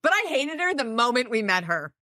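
A woman's voice: on the high side, sing-song, fairly quick, sharp tone, dry recording, studio quality. A woman co-hosting a book podcast in casual chat, blunt and profane. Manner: blunt, profane, laughs between quotes. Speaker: podcast co-host.

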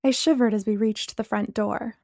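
A woman's voice: mid-range voice, fairly even intonation, normal speed, creaky, dark tone, dry recording, clean studio sound. A woman in her twenties narrating a first-person audiobook story expressively.

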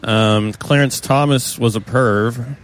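A man's voice: medium pitch, steady tone, takes it slowly, a little hiss or hum. Guy in casual chat, dry and skeptical, mid voice. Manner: dry, skeptical, pushes back. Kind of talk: casual podcast banter.

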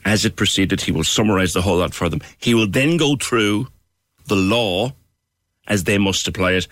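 A man hosting a radio talk show, explaining things in a measured way with some restarts. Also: low voice, fairly bright tone, no room sound.

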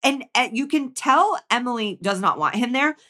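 A woman's voice: on the high side, animated, normal speed, sharp tone. A woman co-hosts a podcast, chatting through a show's plot. She sounds exasperated and conversational. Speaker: podcast co-host. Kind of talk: casual chat recapping a TV show.

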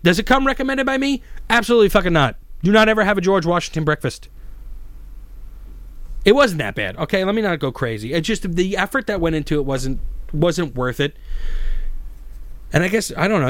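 A man's voice: on the high side, no echo. A man hosting a podcast, rambling casually and swearing constantly as he tells stories and reads news. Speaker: podcast host. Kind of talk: casual profane podcast monologue.

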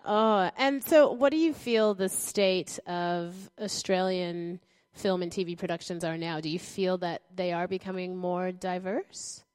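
A woman co-hosts a casual chat, telling stories about her acting work. She is animated and often laughs mid-sentence. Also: fairly low pitch, unhurried, smooth. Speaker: actress and co-host.

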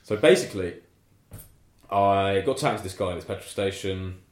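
A man's voice: low-pitched, fairly quick, roomy sound. A man telling a story in a laid-back way, swearing often and saying "like" a lot. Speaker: podcast guest telling a travel story. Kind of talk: casual storytelling chat.

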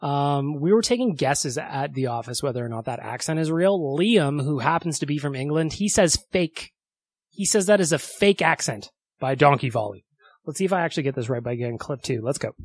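A man's voice: on the high side, animated, a little fast, dry recording. Chatty upbeat male podcast host. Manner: chatty, upbeat, laughs often. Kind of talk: casual solo podcast talk.

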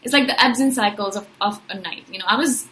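A woman's voice: on the high side, bright, forceful tone, a little hiss or hum, rough recording. Chatty woman telling a party story. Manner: chatty, rambling, with frequent "right?" and "you know"; lists things in quick runs of questions. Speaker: personality-type vlogger. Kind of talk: casual storytelling monologue.

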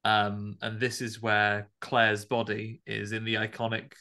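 Low, gravelly male co-host, bright edge, relaxed film recapper. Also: unhurried. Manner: laid-back storyteller, swears casually. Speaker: podcast co-host. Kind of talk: casual podcast chat, recapping a film.

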